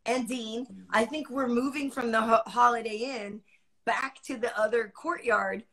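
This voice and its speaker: A woman hosting a casual chat in a playful, quick, self-deprecating way. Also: a little high, steady tone, a bit bright. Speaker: host.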